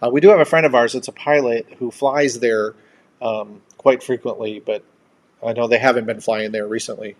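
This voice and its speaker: A man's voice: mid-range voice, steady tone, moderate pace. A man co-hosting a casual live-stream chat, talking at length and reading out viewer comments with thanks.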